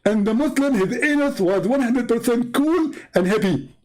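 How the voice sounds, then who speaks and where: A man's voice: very high voice, lively intonation, normal speed, pitched above the performer's own voice, rough recording. A man putting on a pompous, condescending voice for a mocking impression of a preacher. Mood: smug. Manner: pompous, condescending, talks in a mock accent. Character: mock impression of a preacher, male, pompous, smug.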